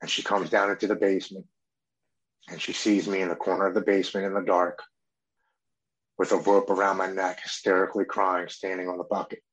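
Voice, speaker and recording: A man's voice: deep voice, flat delivery, brisk, a bit bright, rough recording. A man giving a candid personal testimony in an earnest storytelling manner, often stumbling over restarts. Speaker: speaker sharing his recovery story.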